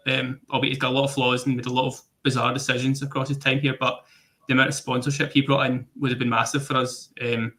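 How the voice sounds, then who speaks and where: Fast, bright-voiced young-sounding man. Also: medium pitch, level tone. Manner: quick, plain-spoken. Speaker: podcast panelist. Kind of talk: casual football podcast chat.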